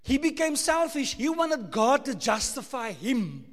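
A South African man preaching a sermon, emphatic, full of rhetorical questions, swinging between loud and hushed. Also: very high voice, big pitch swings, a little slow, big-room sound. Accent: South African English.

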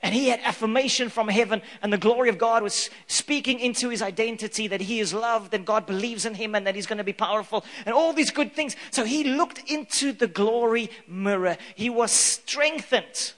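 Bright-voiced preaching man in echoey hall. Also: high-pitched, moderate pace, few pauses. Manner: animated, playful, acts out scripture scenes. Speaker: pastor. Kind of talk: sermon.

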